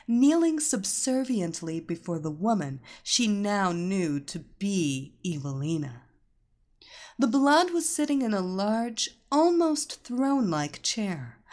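A woman narrates an audiobook at an unhurried pace. Her intonation rises and falls expressively throughout. It is steady, deliberate storytelling. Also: mid-range voice.

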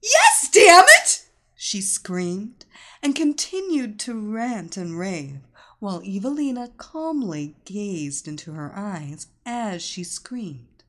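A woman reading an audiobook story aloud as its narrator, with expressive storytelling. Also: mid-range voice, takes it slowly.

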